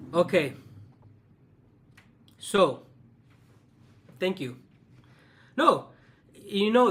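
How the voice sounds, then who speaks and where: A man with a notably high voice and a sharp, bright tone talks straight to his viewers. He rants passionately, doubling back on his words and repeating points for emphasis. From the West. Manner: passionate, repetitive, restarts often. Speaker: channel host. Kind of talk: ranting vlog monologue.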